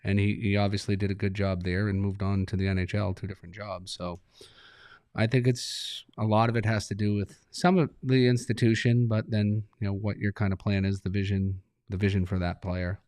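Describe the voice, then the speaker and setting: A man's voice: on the low side, little pitch movement, fairly quick, a little mellow, smooth, no echo, clean studio sound. A man, a hockey coach talking in an interview, laid-back and rambling, laughing as he tells stories. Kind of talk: relaxed interview talk.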